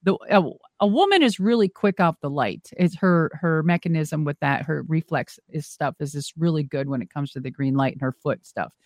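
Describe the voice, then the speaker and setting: A middle-aged woman, a former wrestler and monster truck driver, telling animated stories as a guest and swearing freely. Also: deep voice, normal speed, hardly any pauses, no room sound. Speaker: interview guest. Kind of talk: casual storytelling.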